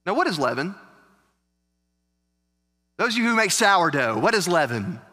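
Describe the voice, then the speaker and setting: Man pastor, animated sermon, jokey asides, ringing church reverb. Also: sits high, normal speed. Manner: animated, joking asides to the congregation. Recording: echoey church hall.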